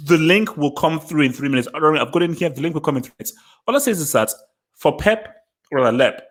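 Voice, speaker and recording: A man hosting a live football reaction stream, excitable, laughing often and repeating his words. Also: on the high side, quick pace. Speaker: football channel host.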